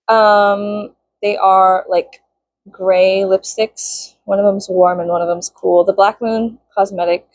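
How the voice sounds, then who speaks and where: A woman's voice: mid-range voice, vocal fry, darkish tone, husky, no room sound. A young woman vlogging casually, venting with lots of swearing and bursts of mock-outraged shrieking.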